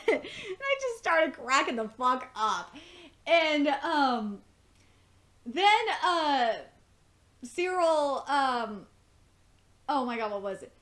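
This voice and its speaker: A young woman recapping a TV episode in a casual, excitable way, laughing often, swearing and filling gaps with um and uh. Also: sits high, takes it slowly. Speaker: episode reviewer.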